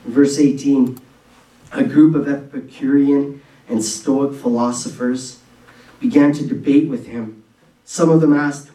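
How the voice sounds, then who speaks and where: A man preaching a sermon in an earnest, conversational way, with quick bursts and restarts, recorded in a church hall. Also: a little high, fairly even intonation, mellow. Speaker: pastor. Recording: echoey room from a distance.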